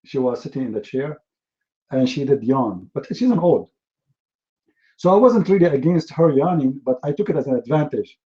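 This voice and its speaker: A man's voice: medium pitch, animated, normal speed, mellow, muffled recording. A man giving a humorous talk, telling stories in a mocking, sarcastic way. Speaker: speaker.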